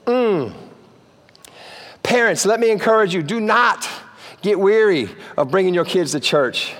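A man's voice: sits high, expressive, unhurried, fairly bright tone, big-room sound. A man preaching a sermon in a church, playful and joking, often checking in with the crowd. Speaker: pastor. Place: church sanctuary.

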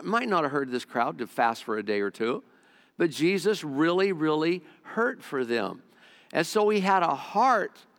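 A middle-aged man preaching a sermon as a pastor, earnest and conversational, often repeating himself and speeding up or slowing down. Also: mid-range voice, a bit bright, clean tone. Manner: earnest, repetitive, conversational preaching with shifting pace. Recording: long hall reverb.

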